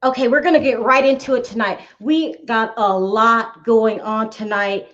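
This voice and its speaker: A woman's voice: fairly high pitch, steady tone, normal speed, fairly bright tone. A woman hosting a casual gossip show, chatty and full of exclamations, talking straight to her viewers. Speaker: YouTube gossip show host. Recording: echoey room, dull sound.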